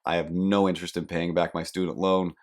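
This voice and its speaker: A young man hosting a podcast, telling a rambling, self-deprecating comic story with animated asides. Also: low-pitched, fairly quick. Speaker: podcast host. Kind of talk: comedic storytelling monologue.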